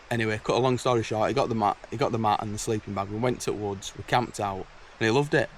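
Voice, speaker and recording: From a woodland camp outdoors, a camping vlogger tells stories to camera in a casual way, his lowish voice moving fast against slight background noise. His anecdotes are chatty, blunt, and exasperated.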